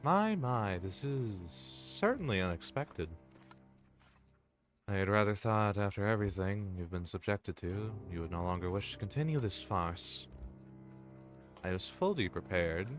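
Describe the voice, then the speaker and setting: A man voicing a possessive, menacing female entity that is inhumanly strong as he reads game dialogue aloud, in slow, theatrical, formal speech. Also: lowish voice, expressive, soft background music. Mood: menacing, smothering.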